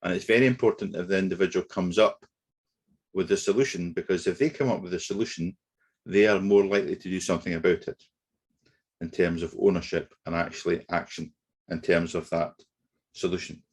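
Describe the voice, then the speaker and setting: In a negotiation training webinar, a man lectures in a low, slightly husky voice with a steady tone. His delivery is measured and explanatory, working through concepts methodically with the occasional filler. The audio sounds like a computer mic on a video call.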